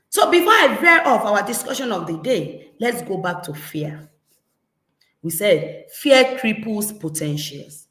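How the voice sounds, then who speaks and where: A woman with a Nigerian accent, a parenting coach giving a lively talk and acting out scolding parents. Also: mid-range voice, measured pace. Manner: animated, acts out scolding parents. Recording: echoey room.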